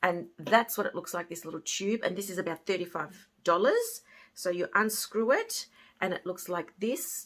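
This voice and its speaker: A woman casually reviewing beauty products she bought, chatty and often trailing off softly at the ends of her thoughts. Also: mid-range voice. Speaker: beauty haul vlogger.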